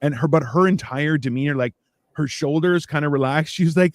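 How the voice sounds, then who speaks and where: Uomo che racconta con vivacità. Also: male voice, a little fast, no room sound, studio quality. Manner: animated storyteller, acts out exchanges in a higher voice. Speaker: podcast host. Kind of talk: casual chat.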